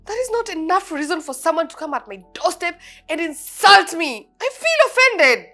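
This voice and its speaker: A woman's voice: extremely high pitch, sing-song, normal speed, sharp tone, faint music behind, full character voice. An actress with a Nigerian accent playing a bitter young woman in a wheelchair who snaps at her driver. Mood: sulky. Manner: haughty, snapping. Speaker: boss in a wheelchair.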